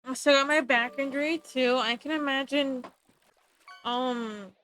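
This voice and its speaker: Woman streamer, casual chat while drawing; high, sharp voice, animated and self-mocking. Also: a little hiss or hum, poor audio. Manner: animated, joking, self-mocking, quick to laugh. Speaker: livestreamer.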